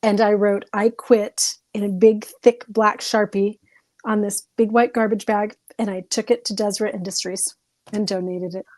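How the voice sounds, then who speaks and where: A young woman speaks as a guest on a casual podcast. She is blunt and quick to joke. Her voice sits at a medium pitch and sounds close and dry, with no room echo. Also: level tone, a little mellow. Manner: candid, quick, joking. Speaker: guest, therapist-style content creator.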